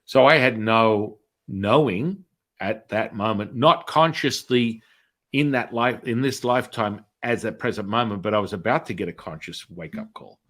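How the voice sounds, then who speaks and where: A man's voice: fairly low pitch, normal speed, fairly bright tone. A middle-aged man, a spiritual healer, telling a story in a casual interview and acting out the voices of people in it.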